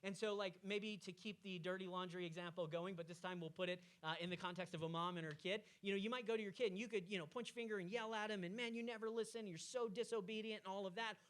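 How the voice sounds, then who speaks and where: A man preaching on marriage from a church stage, animated and acting out quoted arguments. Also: sits high, fast talker, few pauses, clear, resonant tone. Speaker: pastor. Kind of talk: sermon on marriage.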